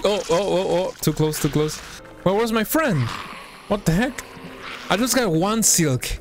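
A young man streaming a survival game, commenting live, excitable, yelping and talking to the creatures on screen. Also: fairly high pitch. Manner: excitable, yelps and talks to the game. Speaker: gaming streamer.

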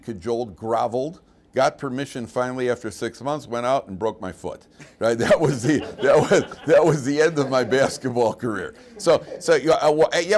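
A man, a rabbi teaching a class and telling funny personal stories, laughing at his own jokes. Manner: animated storyteller, laughs at his own jokes, big jumps in pitch and loudness. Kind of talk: lively class talk with personal anecdotes.

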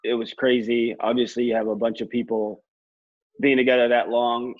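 A man, a podcast guest, reflecting in casual chat, halting with frequent restarts. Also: mid-range voice, level tone, dry recording. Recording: dull, dry, lo-fi audio.

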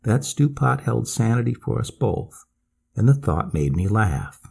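A man reading a classic ghost story aloud as bedtime narration, in a measured, expressive manner. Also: mid-range voice, gravelly, slightly rough.

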